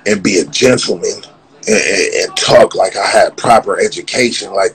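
A man ranting casually on his vlog, repeating the same slang and laughing as his voice jumps up when he gets animated. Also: on the low side, vocal fry, low-quality recording. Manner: repetitive, profane, keeps saying "blood". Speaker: vlogger.

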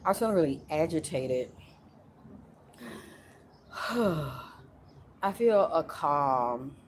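A woman's voice: sits low, expressive, extremely slow, a little hiss or hum. Woman channeling a spirit outdoors. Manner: meandering, with frequent sighs and laughs. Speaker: spiritual medium. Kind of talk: casual livestream channeling. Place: outdoors in a yard.

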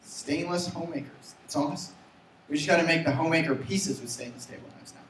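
A young man giving an energetic motivational sales talk, urging his audience to repeat after him. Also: fairly high pitch, fast talker, noisy background. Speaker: sales trainer. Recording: roomy, from far off.

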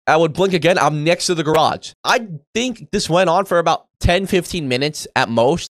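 Young guy doing storytime, kinda high voice, dry close mic, swears a lot and acts out the quotes. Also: a bit bright, no echo. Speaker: storytime YouTuber. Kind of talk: casual storytelling.

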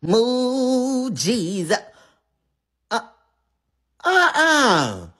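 Animated man doing comic banter. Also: very high-pitched, breathy edge. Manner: animated, quick-tempered banter. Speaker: comedy sketch creator. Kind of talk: comic skit dialogue.

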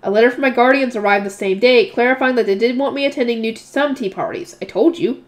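Lady reading a novel out loud, kinda high voice, stops to chat about it. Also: fast. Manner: breaks off for chatty comments and laughs at herself. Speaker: reader of a light novel. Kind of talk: reading a novel aloud with casual asides.

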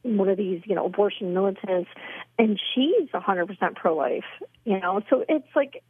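Calling in by phone, a woman guest who is a pro-life advocate tells her story on a podcast, fervent and earnest, with many "you know" fillers. Her voice is mid-range and slightly rough at an ordinary pace, and the tinny line is dry with no echo.

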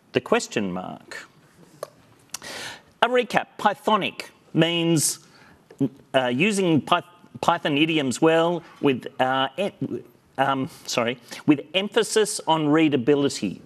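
A man giving a playful lightning talk on a conference stage, joking and getting the crowd to call back. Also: fairly high pitch. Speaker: conference speaker.

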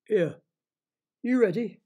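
A man voicing a cheeky, bossy talking frog in a children's story, speaking loudly and excitably. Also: high-pitched, slow, husky, lo-fi sound, voice pushed up, exaggerated voice. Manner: loud, excitable, shouting.

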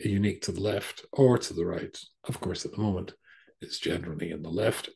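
A man's voice: fairly low pitch, creaky, husky. A middle-aged man giving a storytelling sermon as a rabbi, conversational, with frequent ums and restarts.

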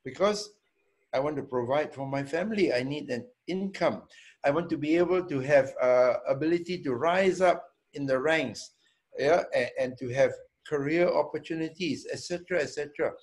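A man, a hotel owner, answering students' questions in a Q&A, deliberate and emphatic, often checking in with a quick "yeah?" and repeating words for emphasis. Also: on the high side, darkish tone. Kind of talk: Q&A talk.

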